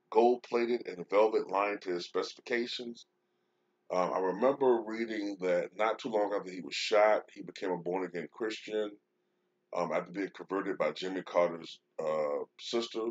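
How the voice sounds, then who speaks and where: A man hosting a show, talking casually and reading out a news article, with many fillers and restarts. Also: deep voice. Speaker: show host. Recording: dull lo-fi sound.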